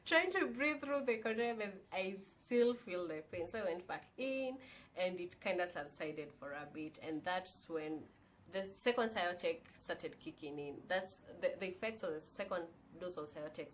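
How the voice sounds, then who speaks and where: A woman's voice: on the low side, a little hiss or hum. A young woman, casually and candidly telling a personal story on her vlog, now and then slipping in Swahili phrases. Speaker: vlogger.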